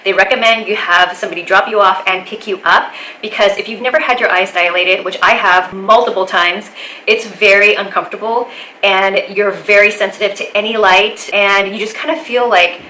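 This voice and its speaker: Bright-voiced woman with a slight lisp. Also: medium pitch, fairly even intonation, normal speed, echoey room, a little hiss or hum, low-quality recording. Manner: careful, explanatory, chatty. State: slight lisp from a bitten tongue. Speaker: vlogger. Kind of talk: casual talk to camera.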